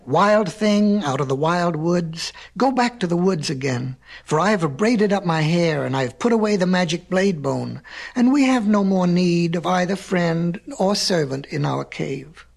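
A man's voice: high-pitched, expressive, measured pace, vocal fry, full character voice. A man voicing a wise, mocking cave woman who sets the terms in a storybook reading. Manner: mocking, commanding.

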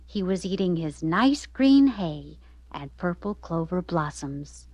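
A woman narrating a children's story aloud in an expressive, lively way. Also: on the low side, slow pace, no room sound.

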